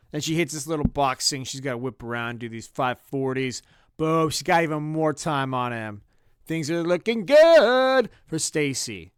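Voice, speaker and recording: A man telling a comedic story on a podcast, profane and animated, with sudden loud bursts. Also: medium pitch, clean tone, dry recording, studio quality. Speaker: podcast co-host.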